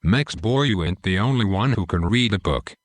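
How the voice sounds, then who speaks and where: Man reading cheeky joking GI, low voice, dry sound, storybook. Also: animated, moderate pace, no echo. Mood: teasing. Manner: joking, teasing. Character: wisecracking young male soldier, cheeky.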